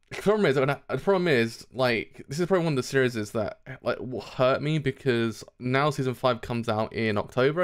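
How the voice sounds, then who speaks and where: A young man streaming a live reaction to a manga chapter, excitable, laughing often and swearing freely. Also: mid-range voice.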